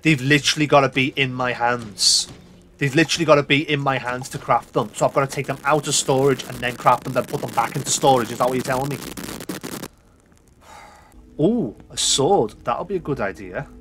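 A man's voice: mid-range voice, a little fast, fairly bright tone, a little hiss or hum. A man with a sweary, exasperated manner, commentating his own gameplay and talking back to the game. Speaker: gaming YouTuber.

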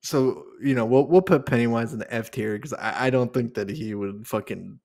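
A man's voice: medium pitch, normal speed, gravelly, a little mellow. A young man co-hosting a casual podcast chat, joking crudely and laughing a lot. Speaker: podcast co-host.

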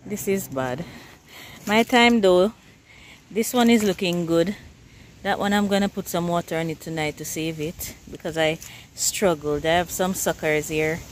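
In a lowish voice with fairly even intonation and a moderate pace, a woman from Jamaica with a Jamaican accent gives a casual tour of her outdoor container garden for her gardening vlog. There is slight background noise, and she chats easily and laughs a lot as she shows her plants.

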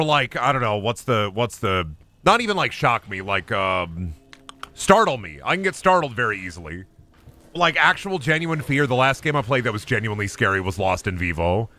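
Excitable bright-voiced young man streaming games. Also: mid-range voice. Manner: excitable, swears often, yelps and taunts the game. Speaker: gaming streamer. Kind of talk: live gameplay commentary.

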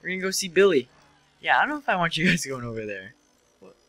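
A man's voice: a little high, big pitch swings, fast talker, fairly bright tone, no room sound, low-quality recording. A young man giving casual, joking commentary while playing a video game, sarcastically mocking the characters. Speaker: let's play commentator.

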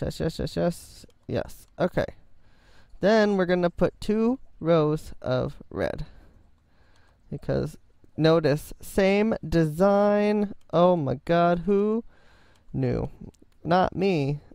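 Slow, gravelly man chatting over gameplay. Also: fairly high pitch, a little mellow, no echo. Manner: rambling, self-mocking and jokey. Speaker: game video host. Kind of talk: casual gameplay commentary.

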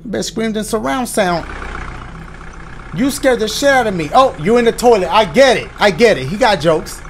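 Gamer guy, high pitched voice, joking and cursing through a playthrough, game music playing behind him. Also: animated, moderate pace. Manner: joking, profane, reacts loudly to scares. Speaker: gaming YouTuber. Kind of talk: casual gameplay commentary.

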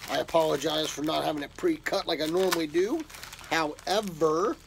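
There's background noise as a man with a fairly high voice and vocal fry talks at a normal speed. He's opening a gift box of pipe tobacco and coffee, casually addressing his viewers on camera with enthusiastic drawled exclamations.

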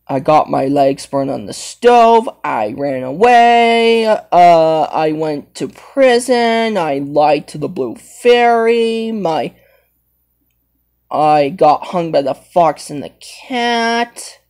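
A creepy puppet boy speaks low and broodingly in a homemade story game, as a woman puts him on. The voice sits well below her usual pitch and drags along slowly. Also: expressive, a little mellow, heavily acted.

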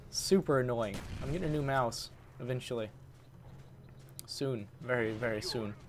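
A man's voice: mid-range voice, moderate pace. A man giving casual commentary while playing a shooter on his computer, grumbling and swapping swear words for milder ones, his voice worn from recording too long. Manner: grumbling, swaps swears for mild words, talks to enemies. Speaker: gaming channel host. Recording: game gunfire noise behind voice.

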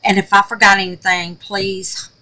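An older woman with a drawl chats loosely through her crafting video, calling everyone honey and baby. Her voice is bright and clear at an everyday middle pitch. She wanders off topic and laughs at her own forgetfulness. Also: level tone, moderate pace, rough recording. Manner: affectionate, calls viewers baby and darling; rambling and self-teasing about forgetting. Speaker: crafting channel host. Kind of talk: casual chat to viewers.

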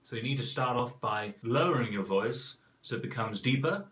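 A man's voice: medium pitch, moderate pace, fairly bright tone. A man hosting a jokey voice tutorial, talking in a playful, rambling, self-mocking way. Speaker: host.

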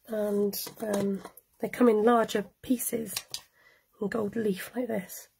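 A chatty woman runs a live-streamed cardmaking tutorial, laughing a lot and greeting viewers by name while she works. Her medium-pitched voice is mellow and husky with vocal fry, and the recording quality is low.

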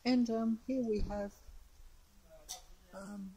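An Australian vlogger narrates a casual phone video outdoors on a windy, rainy street, her voice a little high, steady, very slow and warm. The recording is low quality, and she comes across as hesitant, rambling and wary.

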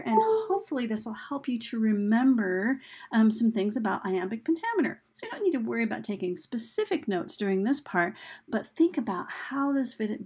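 A woman teacher giving a recorded lecture, speaking slowly and deliberately, counting out beats with a few fillers. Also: medium pitch, darkish tone, husky.

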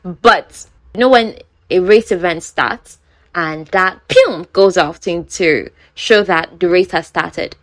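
A woman casually retelling a romance novel in her own words, chatty and full of asides to the listener. Her voice sits low, and the recording is close and dry. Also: slow pace, a bit bright, no echo. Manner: chatty, asides like "you know". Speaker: book storyteller.

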